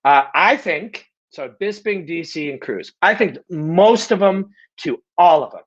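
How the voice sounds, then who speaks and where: A man's voice: on the high side, expressive, unhurried, highs cut off. A middle-aged man hosting a live Q&A, speaking bluntly and emphatically, cursing freely and restating his points. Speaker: host of a live Q&A show. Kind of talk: casual live Q&A monologue.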